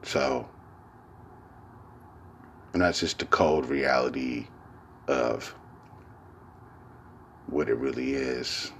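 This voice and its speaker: A podcast host with a rumbling low voice and vocal fry talks extremely slowly, with long pauses, over slight background noise. His casual solo monologue is loose, rambling, and profane, heavy on slang and repeated fillers, with frequent laughs.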